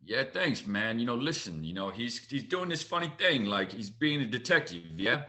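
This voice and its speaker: A man's voice: medium pitch, very animated, moderate pace. A man chatting casually on a video call, laughing and trading celebrity impressions. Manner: laughing, playful, breaks into loud impressions.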